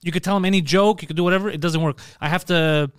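A man's voice: a little high, fairly even intonation, quick pace, smooth, dry recording, clean studio sound. A man co-hosting a podcast, telling profane, brash stories in casual chat. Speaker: podcast co-host.

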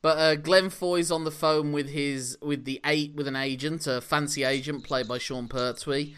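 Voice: mid-range voice, fairly even intonation, normal speed, fairly bright tone, smooth. A podcast co-host, recapping a film in casual, sarcastic chat and laughing often. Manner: sarcastic, laughs often, swears in mock frustration.

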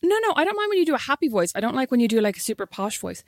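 A woman co-hosts a chatty podcast, teasing her sister in a playful, laughing way. Her voice sits at an ordinary pitch. The room is dry and close. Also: sing-song, racing, few pauses, dry recording. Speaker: podcast co-host. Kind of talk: casual chat between sisters.

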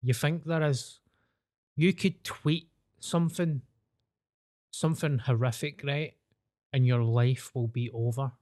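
A man's voice: medium pitch, steady tone, slow pace, pauses often, a little mellow. A man co-hosting a podcast, joking and teasing bluntly in casual chat. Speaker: podcast co-host.

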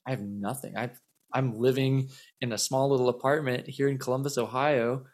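A man's voice: mid-range voice, fairly even intonation, moderate pace, darkish tone. A man in his thirties, a musician guest in an interview, telling a long story in a casual, rambling way with many fillers and repeated words.

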